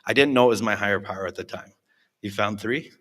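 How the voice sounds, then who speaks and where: A man's voice: lowish voice, fast, fairly bright tone. A man in his forties giving a candid, self-mocking recovery testimony to a live audience, acting out the people he quotes. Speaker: recovery alumni speaker. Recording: reverberant hall.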